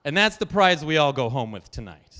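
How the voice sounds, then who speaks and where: A man telling a personal story at a live storytelling event, animated and chatting with the audience. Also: on the high side, a little fast, slight background noise. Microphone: handheld stage microphone.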